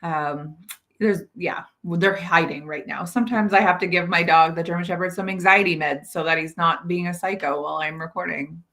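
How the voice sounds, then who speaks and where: A woman's voice: fairly low pitch, fairly even intonation, normal speed, fairly bright tone. Chatty Albertan Canadian woman. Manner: chatty, laughs easily, trailing "so". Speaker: morning show co-host. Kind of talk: casual chat.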